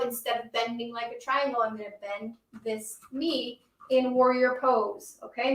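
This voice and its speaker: A woman's voice: high voice, a bit bright, reverberant, recorded from a distance. A woman teaching a yoga class for children and reading a picture book aloud, encouraging the kids and calling them her friends.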